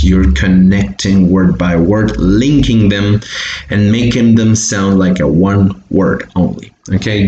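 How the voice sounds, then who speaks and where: A man's voice: low voice, slow, mellow, highs cut off. A man with a Bolivian Spanish accent, giving an online English lesson and patiently repeating example sentences for pronunciation. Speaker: English teacher. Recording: echoey room, faint background hiss.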